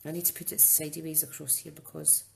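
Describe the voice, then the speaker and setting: Low-voiced chatty woman crafting. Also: flat delivery, quick pace, creaky, darkish tone, slight background noise. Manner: chatty, thinking aloud as she works. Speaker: craft demonstrator. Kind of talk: casual live-streamed craft demo.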